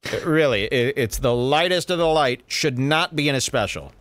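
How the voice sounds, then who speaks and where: A man talks through comedy clips with biting sarcasm, his pitch swinging up and down as he mocks them. The sound is dry and close. He sounds like a podcast host making fun of what he plays. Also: expressive, normal speed, a bit bright, dry recording. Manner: sarcastic, mocking. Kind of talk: casual commentary.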